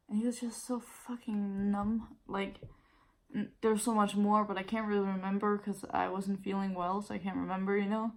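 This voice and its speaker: A Danish woman in her twenties, a native Danish speaker from Denmark, vents casually to camera as a vlogger, speaking briskly in a mid-range voice with little pitch movement. Tired and nauseous, she's blunt and profane, quoting others in raised voices.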